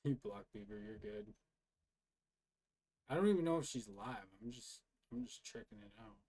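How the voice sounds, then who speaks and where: A man's voice: mid-range voice, very animated, normal speed, darkish tone. A man giving casual live-stream commentary as he reacts to live videos, mocking and swearing a lot and arguing back. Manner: profane, mocking and argumentative.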